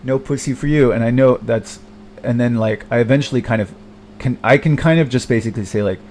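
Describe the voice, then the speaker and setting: A man talking in a long confessional monologue, rambling and halting with many restarts, self-deprecating and bitter, swearing often. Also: medium pitch, darkish tone, a little hiss or hum. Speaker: vlogger.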